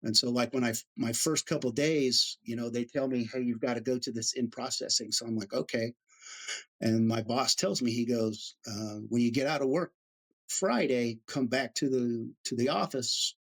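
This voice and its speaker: This American man, middle-aged and a former Army soldier, speaks at medium pitch and normal speed. He spins casual interview stories with plenty of animation, voicing each person he quotes.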